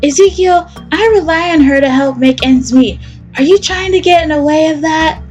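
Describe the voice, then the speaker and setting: A woman's voice: high-pitched, moderate pace, darkish tone, muffled recording, faint music behind, pitched above the performer's own voice, lightly acted. A woman voicing a clingy, manipulative mother who coaxes her son with pet names. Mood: sweetly controlling. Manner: coaxing, calls him baby and pet names. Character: clingy manipulative doting mother, sickly sweet.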